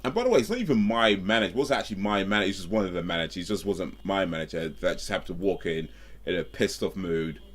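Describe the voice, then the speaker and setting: Man, deep voice, casual streamer, rambling storytelling, self-correcting. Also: expressive, quick pace, a bit bright. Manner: rambling, self-correcting, with frequent fillers and asides.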